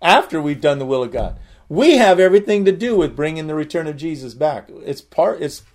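Emphatic preacher man, higher voice. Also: animated, a little fast, a little mellow. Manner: repeats phrases, explains Greek words, emphatic rises. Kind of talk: sermon with word study.

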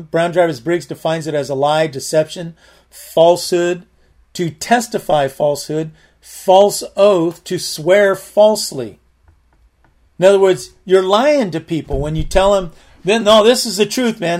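A man's voice: a little high, a little mellow. A man preaching a sermon, teaching verse by verse and explaining word meanings in an earnest, repetitive way.

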